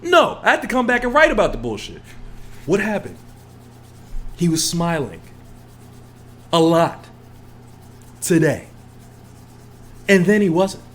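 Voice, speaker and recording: Animated, profane man ranting on a podcast. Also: measured pace, pauses often. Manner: profane, animated, mimics others in low mumbling asides. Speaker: podcast co-host. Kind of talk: heated casual podcast rant.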